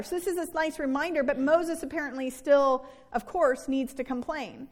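A woman's voice: sits high, steady tone, moderate pace. A woman reading scripture and preaching a sermon in an earnest, conversational way. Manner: earnest, conversational, acts out quoted complaints. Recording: reverberant worship hall.

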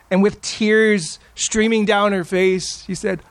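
A middle-aged male pastor preaching a sermon, telling stories with emphatic, dramatic pauses. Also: high voice, steady tone, smooth, no echo.

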